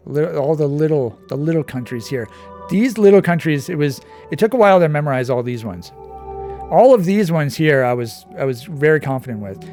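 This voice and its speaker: A man's voice: mid-range voice, a little mellow. A man giving casual, digressive commentary while playing a map quiz, thinking aloud as he goes. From Canada. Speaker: quiz channel host.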